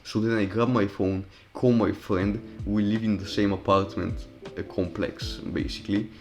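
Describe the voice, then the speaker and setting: A man's voice: fairly low pitch, fairly even intonation, moderate pace, a little mellow, soft background music. A young man casually telling a personal story over gameplay, profane and rambling, with loose restarts. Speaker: storytime commentary YouTuber.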